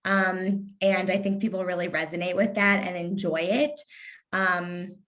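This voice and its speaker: A Kentucky woman in her thirties with a light Southern accent is a guest on a casual interview, appearing as a lifestyle influencer. Her voice is lowish, a bit bright, fairly even in intonation, and a little slow. She's sarcastic and witty, and she laughs easily.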